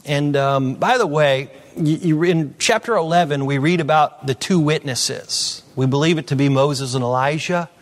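Guy preaching a sermon, kinda high voice, reads scripture then rambles w lots of uh's, goes quiet then booms. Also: moderate pace, hardly any pauses. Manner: reads scripture aloud, then comments with many fillers; swings from low asides to loud, high declarations. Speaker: pastor.

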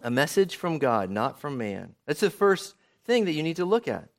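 A man's voice: fairly high pitch, big pitch swings, normal speed, gravelly. A man preaching a sermon as a pastor, speaking conversationally and often checking in with rhetorical questions.

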